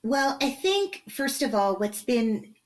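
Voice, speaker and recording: A woman guest on a podcast, talking in a playful, quick-witted way. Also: a little high, big pitch swings. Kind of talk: casual podcast conversation.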